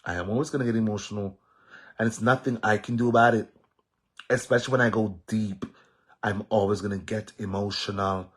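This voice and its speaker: A man's voice: lowish voice, steady tone, fairly quick, breathy edge. A man with a Jamaican accent talking straight to his viewers in a casual monologue, emphatic and repetitive, standing firm on his opinions. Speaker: social media commentator.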